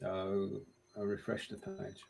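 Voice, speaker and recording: A man's voice: deep voice, flat delivery, a little slow, vocal fry, darkish tone. A man co-hosting a live stream in a casual chat, running a music quiz and fiddling with screen sharing as he talks.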